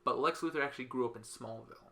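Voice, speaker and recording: Bright-voiced man retelling a comic. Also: racing. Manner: animated storyteller, acts out characters with loud high voices. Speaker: podcast host. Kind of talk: casual podcast chat.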